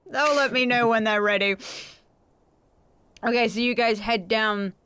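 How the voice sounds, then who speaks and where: A woman running a tabletop game over a voice call, chatty and quick to laugh. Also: a little high, smooth, no echo. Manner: laughs often, relaxed and chatty. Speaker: game master.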